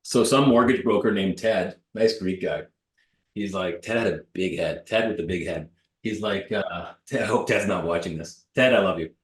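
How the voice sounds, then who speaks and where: A man in his thirties from Canada, a real estate broker telling blunt, lively stories in an interview and mimicking the people in them. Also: sits low, normal speed. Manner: blunt, animated, mimics voices in anecdotes. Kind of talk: interview storytelling. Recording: roomy echo.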